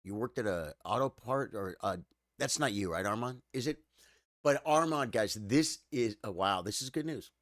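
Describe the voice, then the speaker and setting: Man, low-pitched voice, tired, choked up, halting, repeats words, casual live-stream chat, dry sound. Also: lively intonation, fairly bright tone, dry recording. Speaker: streamer chatting with viewers.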